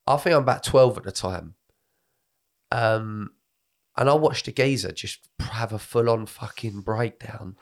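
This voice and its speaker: A man, co-hosting a casual podcast chat, sweary and animated as he tells stories. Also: lowish voice, unhurried. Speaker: podcast co-host.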